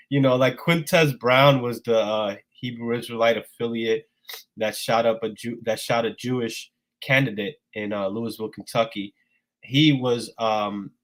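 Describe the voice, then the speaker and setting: A man's voice: medium pitch, a bit bright. A man hosting a casual livestream talk, rambling loosely and laughing often, with a cold that keeps him sneezing. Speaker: host.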